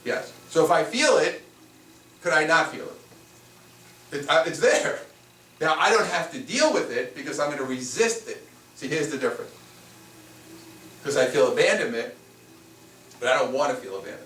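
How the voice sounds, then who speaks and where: A man with a fairly high, slightly bright voice leads a live seminar as a spiritual teacher, speaking conversationally at a moderate pace with lively intonation and long pauses. He fires rhetorical questions at the room. The recording has an echoey room sound, faint hiss, and he is far from the mic.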